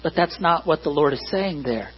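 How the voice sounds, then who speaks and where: A husky, slightly high-voiced man preaches a sermon to his congregation. He builds to emphatic, forceful points, then falls back to soft, quiet asides. The recording is dull and lo-fi, with a steady mains hum underneath. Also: normal speed. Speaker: pastor.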